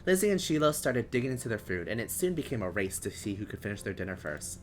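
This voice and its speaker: Animated playful man streaming. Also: fairly low pitch, fast talker, faint music behind. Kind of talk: casual chat and reading a story game.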